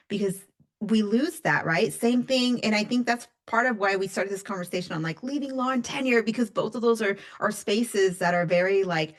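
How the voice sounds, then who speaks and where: A woman's voice: medium pitch, moderate pace. A woman who works as a coach, talking emphatically in a casual podcast conversation and speaking straight to listeners.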